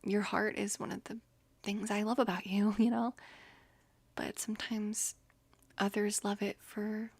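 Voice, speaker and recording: A woman of about twenty in a whispered role-play, gently soothing and reassuring as a caring best friend, close to the microphone. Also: mid-range voice, little pitch movement, unhurried, creaky, slightly rough, no room sound.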